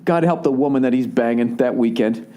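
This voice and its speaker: A man's voice: mid-range voice, fairly quick, dark tone. Profane rambling man telling a story. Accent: Boston. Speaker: podcast host. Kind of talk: casual comedic monologue.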